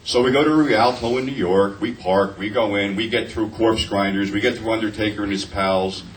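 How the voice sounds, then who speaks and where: A man in his fifties, a panel guest, telling profane, animated anecdotes and acting out the quotes, picked up from a distance with faint noise. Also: on the low side, normal speed. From New Jersey. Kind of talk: casual convention panel storytelling. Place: convention panel room.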